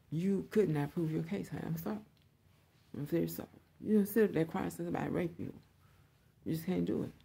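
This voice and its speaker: A woman's voice: on the low side, creaky, warm tone, husky. A woman hosting her own online show, giving a blunt, profane opinion monologue and repeating her points.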